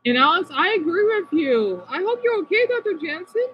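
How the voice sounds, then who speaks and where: Streamer woman, high and bouncy voice, chatty, slightly dull recording with faint hiss. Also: very animated, normal speed. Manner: chatty, talks to viewers by name, sounds out words. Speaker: livestreamer reading chat. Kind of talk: casual live-stream chat.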